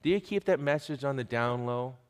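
A man's voice: mid-range voice, expressive, a little fast. A male preacher giving an emphatic sermon, pressing his listeners with pointed questions. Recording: long hall reverb.

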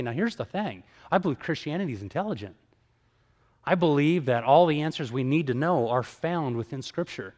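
A man giving a sermon-style talk, telling stories with lively acted-out dialogue. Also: on the high side, fairly quick, long reverb tail. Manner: animated storyteller, acts out dialogue. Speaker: evangelist speaker.

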